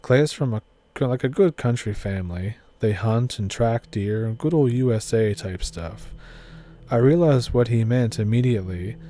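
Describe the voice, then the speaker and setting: A man reading a first-person story aloud as scripted narration, in a steady, low-key storytelling manner. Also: moderate pace.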